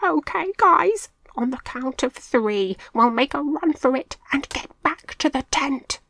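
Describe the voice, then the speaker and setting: A woman's voice: mid-range voice, very animated, slow, a bit bright, no room sound, low-quality recording. A woman voicing a bossy young boy mouse who leads his friends with firm commands in a storybook. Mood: urgent.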